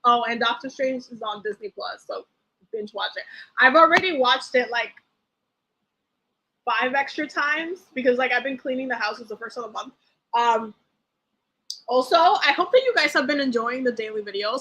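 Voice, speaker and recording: Chatty high-voiced woman reading tarot. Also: a little fast, poor audio. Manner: chatty, rambling, many fillers and restarts; animated, acts out quoted feelings. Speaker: tarot reader. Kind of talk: casual live tarot reading.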